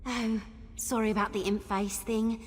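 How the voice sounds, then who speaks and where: An actress playing a plucky, brisk female ally in a fantasy game, with a New Zealand accent and a breathy voice. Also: on the high side, little pitch movement, long reverb tail.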